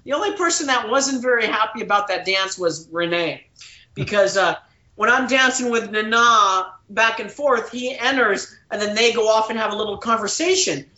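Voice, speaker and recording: A man, a guest actor, telling a story in an animated way and acting out the quotes with big voice shifts. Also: high voice, normal speed, echoey room, highs cut off.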